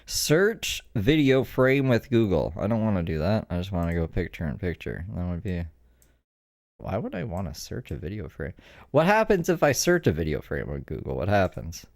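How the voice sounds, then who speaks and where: A man's voice: deep voice, very animated, moderate pace, gravelly, dry recording, clean studio sound. A man hosting a live stream, chatting casually and joking to himself as he clicks through videos. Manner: chatty, jokey, talks to himself while clicking around.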